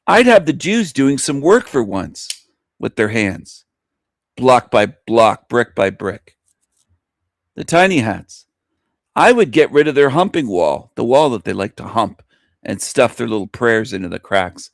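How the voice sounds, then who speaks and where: A man hosting an online talk show, in a boastful, goading rant that he breaks with his own laughter. His voice sits at an ordinary middle pitch. The recording is close and dry, with almost no room sound. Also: very animated, a little slow, gravelly, no echo. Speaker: host of a live internet talk show. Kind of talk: provocative monologue rant.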